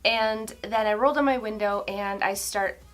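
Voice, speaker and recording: A woman's voice: medium pitch, unhurried, a bit bright, faint music behind. Chatty woman in an echoey room. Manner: chatty, laughing, self-deprecating. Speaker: home organizing vlogger. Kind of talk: casual storytelling to camera. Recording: roomy echoey indoor sound.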